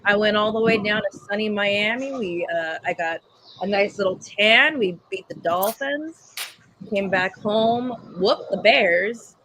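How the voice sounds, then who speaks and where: A woman's voice: mid-range voice, measured pace, a bit bright, a little hiss or hum. A woman co-hosting a sports podcast in casual chat, frank and joking with crude language, talking while eating. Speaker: podcast co-host. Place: restaurant, eating.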